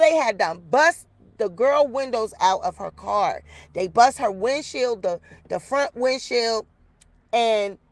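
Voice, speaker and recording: A chatty woman, a YouTuber, talks her viewers through a story in a lively, casual way from outdoors. Her voice sits a little high. The sound is close and dry, with no room around it. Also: no echo. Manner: chatty, animated storyteller addressing viewers as y'all. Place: outdoors in the rain.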